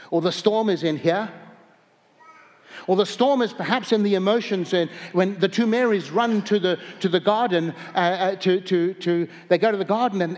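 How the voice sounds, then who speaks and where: A man with a high voice delivers a sermon in a hall where his words trail off in a long echo. He tells stories in a rambling, chatty way, restarting sentences and chuckling as he goes. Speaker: pastor.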